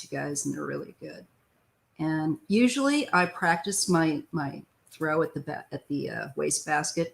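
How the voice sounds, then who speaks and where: Middle-aged woman, slightly low voice, relaxed tarot live-stream host, chatty and easygoing at home. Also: gravelly. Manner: chatty, greets viewers by name, easygoing. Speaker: tarot reader hosting a live chat. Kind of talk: casual live-stream chat. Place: home, near the front door.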